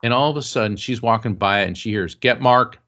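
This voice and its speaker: Earnest low-voiced man telling a story. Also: fast, fairly bright tone, lo-fi sound. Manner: earnest, emotional storyteller who acts out quotes. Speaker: psychic medium and author, interview guest. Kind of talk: personal storytelling in an interview.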